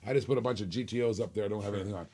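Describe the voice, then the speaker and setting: A man's voice: lowish voice, very fast, mellow, husky. A man hosting a live toy car auction, joking and urging bidders on, a little short of breath.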